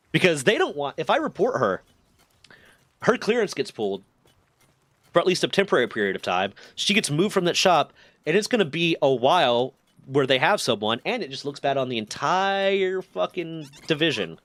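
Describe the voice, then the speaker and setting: A man streaming, telling a long story in a casual, animated and profane way. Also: moderate pace, no room sound. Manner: profane, animated, shifts pitch a lot.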